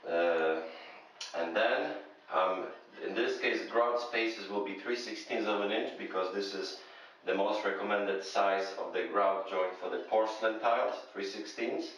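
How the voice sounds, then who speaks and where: A man's voice: fairly low pitch, measured pace, fairly bright tone, slight background noise. Man, tile installer, methodical, hesitant, muffled echoey bathroom recording. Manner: methodical, hesitant with frequent fillers. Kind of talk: step-by-step how-to narration. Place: bathroom under renovation. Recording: very echoey room, dull sound.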